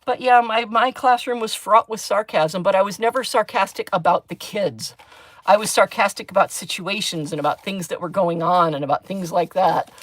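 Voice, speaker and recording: A woman's voice: medium pitch, normal speed, low-quality recording. A middle-aged woman hosting a chatty crafting livestream, telling stories in a dry, sarcastic, talkative way. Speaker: craft channel host, former chemistry teacher.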